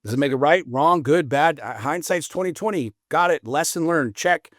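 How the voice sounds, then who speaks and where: A man's voice: on the high side, normal speed, no room sound, studio quality. A man appearing as a podcast guest, telling stories bluntly and profanely in a casual conversation. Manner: animated storyteller, blunt and profane.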